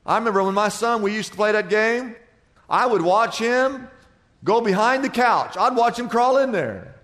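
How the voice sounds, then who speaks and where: Man, pastor, sermon, funny stories, questions to the crowd, high voice, echoing church hall. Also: lively intonation, normal speed, fairly bright tone. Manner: jokey storytelling, quizzing the congregation.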